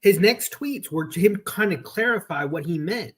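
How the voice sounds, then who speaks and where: A man's voice: high-pitched, animated, normal speed, fairly bright tone, breathy edge. A man hosting a podcast over a video call, chatting casually and telling long, rambling anecdotes. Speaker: podcast host. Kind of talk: casual chat.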